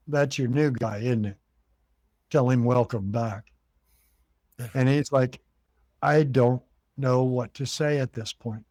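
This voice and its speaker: A man's voice: medium pitch, darkish tone, no room sound. A man who owns a haunted cabin, telling a long story as an interview guest and acting out what others said. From United States. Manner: retells conversations, acting out quoted voices.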